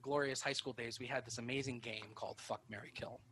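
A man's voice: mid-range voice, steady tone, crowd noise, low-quality recording. A man hosting a podcast in casual chat, rambling and swearing offhandedly as he talks. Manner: fast, rambling, swears casually, dips into mock accents. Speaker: podcast host.

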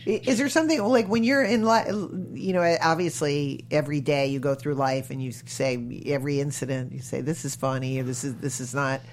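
An interview host in casual conversation, asking questions and giving short encouraging murmurs. The voice is mid-pitched, with a faint hiss behind it. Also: steady tone, brisk, few pauses. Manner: brief, encouraging backchannels.

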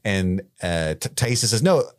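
A man's voice: on the low side, fairly quick, no room sound, clean studio sound. A man co-hosting a podcast, recapping an episode in casual chat, swearing and acting out the characters' lines. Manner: animated, swears, acts out quotes. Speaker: podcast co-host.

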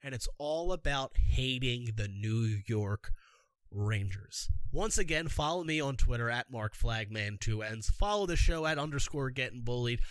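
A man's voice: medium pitch, expressive, normal speed, a bit bright, no room sound. Man, podcast host, profane, fired-up, repetitive, dry close mic. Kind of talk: solo sports podcast rant. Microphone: podcast microphone.

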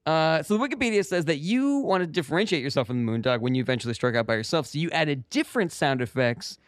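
A man hosting a comedy interview as the earnest straight man, often stumbling and restarting his sentences. His voice sits a bit high with lively pitch, recorded close and dry. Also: fast, no room sound. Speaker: podcast host and interviewer.

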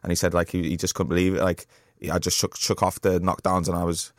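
A young man, a professional boxer speaking candidly as a guest in a radio studio, halting with many fillers and restarts. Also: sits low, level tone, no echo. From Liverpool, England. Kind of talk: candid interview talk.

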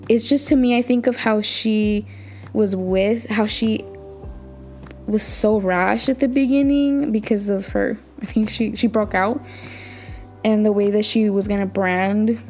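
A woman's voice: a little high, darkish tone. A woman hosting a podcast, recapping a drama in a casual, gushing way and thinking aloud as she talks. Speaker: podcast host.

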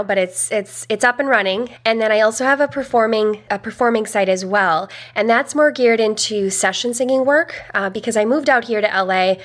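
A woman's voice: mid-range voice, a bit bright. Earnest young woman vocal coach. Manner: earnest, reflective, with fillers. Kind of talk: podcast interview.

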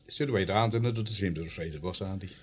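A man's voice: deep voice, racing, breathy edge. A man chatting about football, ending lines with tag questions. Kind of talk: casual football chat.

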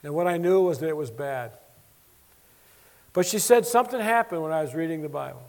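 A man preaching a sermon, telling stories with animated quoted voices before an audience. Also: on the high side, fairly quick, creaky. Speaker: preacher and Bible teacher. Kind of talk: sermon with storytelling.

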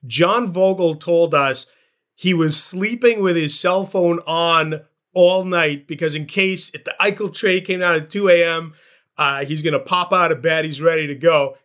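A male sports podcast host with a somewhat high voice. He chats casually and tells stories with lively energy. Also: a little slow. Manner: storytelling, animated.

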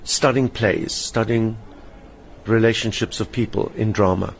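A man's voice: lowish voice, steady tone, a little slow, gravelly, a little hiss or hum. Older South African man telling stories. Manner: vivid storyteller, acts out quoted voices. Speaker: interview guest, stage performer. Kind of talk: personal storytelling in an interview. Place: hotel lounge.

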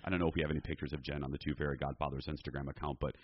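Male podcast co-host, deep, animated and sassy; dry, slightly muffled recording. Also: rapid-fire, no room sound. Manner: animated, campy, sassy asides. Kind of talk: casual chat.

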